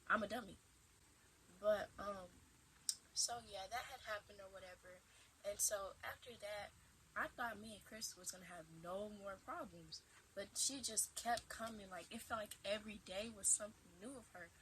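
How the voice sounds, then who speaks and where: A woman's voice: mid-range voice, normal speed, a little hiss or hum, rough recording. A woman in her twenties telling a casual storytime vlog at home into her camera, acting out dramatic retorts as she goes. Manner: animated, acts out dramatic quoted retorts. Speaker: vlogger.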